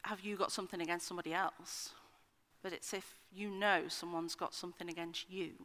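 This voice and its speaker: A woman's voice: on the low side, fairly even intonation, brisk, a bit bright. Middle-aged woman preaching in a reverberant hall. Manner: conversational and earnest, with frequent ums and restarts. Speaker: speaker at a church meeting. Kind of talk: personal testimony sermon.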